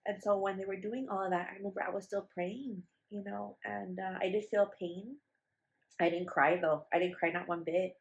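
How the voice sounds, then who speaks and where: A woman's voice: mid-range voice, fairly even intonation, moderate pace, muffled recording. A young woman vlogger telling a personal story in a casual, chatty way, with many fillers and restarts. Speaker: vlogger, new mother.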